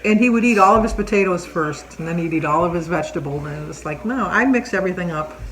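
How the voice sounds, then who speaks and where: A woman's voice: lowish voice, animated, fast, a bit bright, poor audio. An older woman hosting a casual chat, telling long, chatty stories and laughing often. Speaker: host.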